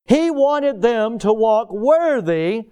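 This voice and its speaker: Southern man preaching, high clear voice, earnest with folksy asides, drops to a hush on key lines. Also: big pitch swings, slow. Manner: earnest preaching, swinging between emphatic peaks and hushed low passages; folksy storytelling with chuckles. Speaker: pastor. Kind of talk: sermon.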